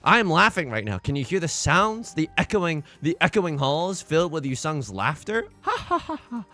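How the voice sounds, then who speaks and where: A man's voice: on the high side, sing-song, normal speed, pushed and bright. A young man commentating his own game in a sarcastic, self-mocking way, with sudden theatrical outbursts. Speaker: let's play host.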